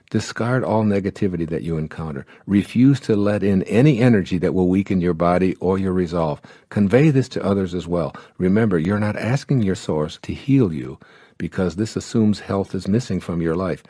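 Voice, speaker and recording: A man reading inspirational text as scripted narration, slow and solemn. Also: sits low, mellow, breathy edge, no room sound, clean studio sound.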